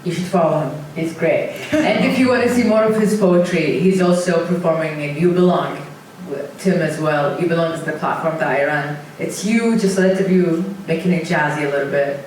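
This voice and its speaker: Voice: medium pitch, fairly quick, few pauses, recorded from a distance, a little hiss or hum. Upbeat organiser in an echoey hall. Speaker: platform organiser. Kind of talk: casual panel chat.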